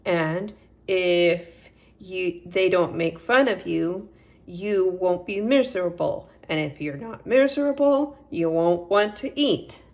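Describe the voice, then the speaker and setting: A woman's voice: fairly low pitch, takes it slowly, a little mellow. A woman voicing a small, clever male mole who argues indignantly and talks the cat round, in a storybook reading. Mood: persuasive. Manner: indignant, persuasive.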